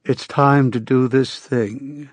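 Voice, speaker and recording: Man doing a calm, measured older man. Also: mid-range voice, dry recording, voice pushed up. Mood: calm, soothing. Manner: slow, measured, reassuring. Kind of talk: audiobook character voice.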